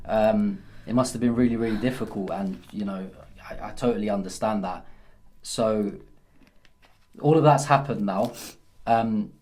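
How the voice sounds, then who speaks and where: A man hosting a podcast interview, speaking gently and hesitantly with many fillers. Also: fairly low pitch, moderate pace, a little hiss or hum. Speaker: podcast host. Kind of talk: supportive interview talk.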